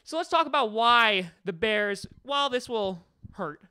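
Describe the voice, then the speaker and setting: Bright-voiced joking sports podcast host. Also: male voice, high voice, lively intonation, a little slow, clean tone. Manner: jokey, rambling, mock-sarcastic. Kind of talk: comedic sports podcast monologue.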